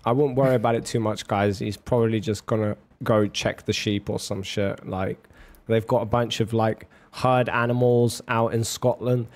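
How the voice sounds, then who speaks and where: A man's voice: lowish voice, fairly even intonation, moderate pace, darkish tone. A man hosting a debate on a livestream, chatting casually with lots of swearing, laughter and rambling banter. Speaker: debate host.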